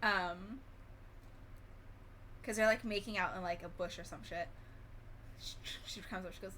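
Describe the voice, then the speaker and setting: A woman streamer rambling casually, retelling a movie with quick acted quotes, sounding a bit sleepy. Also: mid-range voice, fairly even intonation, fairly bright tone, a little hiss or hum. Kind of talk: casual gaming stream chat.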